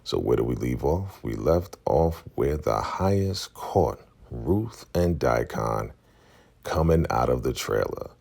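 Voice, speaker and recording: A man giving a casual episode recap as a vlogger, retelling scenes with animated storytelling. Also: extremely low pitch, slow, gravelly.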